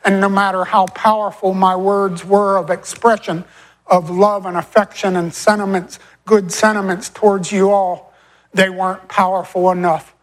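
A woman preaching a farewell sermon, slowing down and stretching key phrases and repeating short refrains. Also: medium pitch, flat delivery, low-quality recording.

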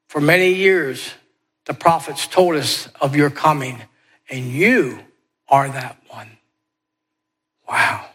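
A man preaching a sermon, emphatic and repeating key phrases as he urges his listeners. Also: a little high.

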